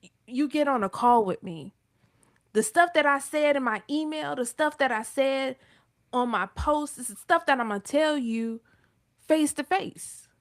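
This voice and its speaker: A woman with a North Carolina Southern accent talks unhurriedly in a high-sitting voice, in clean studio sound with no echo. During casual chat on a live business show, she's emphatic and acts out quoted speech in changing voices.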